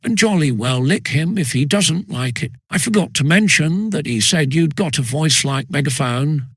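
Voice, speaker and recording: A man voicing a fat, greedy, cowardly schoolboy who stammers and wheedles in a squeaky voice, in a storybook reading. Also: expressive, moderate pace, a bit bright, slightly rough, no echo, studio quality. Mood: wheedling.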